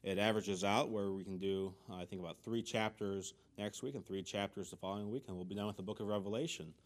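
A man teaching a Bible study at church in a folksy, conversational way, pausing and restarting often, then leading a prayer and reading scripture. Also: lowish voice, fairly even intonation.

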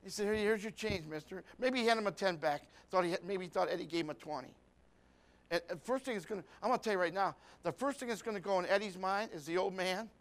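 A man's voice: high-pitched, quick pace. A man preaching a sermon, telling a folksy story with lots of repetition and rhetorical questions.

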